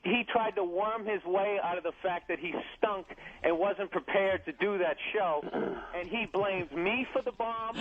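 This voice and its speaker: A comedian arguing heatedly on the radio, indignant and profane, complaining in rapid bursts. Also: male voice, high-pitched. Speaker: comedian guest. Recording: phone-like radio broadcast.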